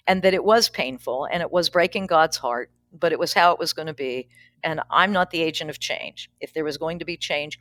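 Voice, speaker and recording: A woman's voice: sits low, a bit bright, no room sound, clean studio sound. A woman pastor telling a personal story in conversation, frank and earthy. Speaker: pastor and peacemaker guest.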